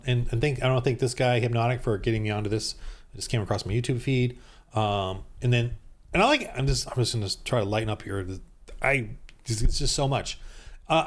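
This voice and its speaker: A man hosting his own channel, delivering an angry, indignant rant that keeps restarting sentences and swings between raised outbursts and low muttered asides. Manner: heated and indignant, with many repeated restarts. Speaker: YouTube channel host.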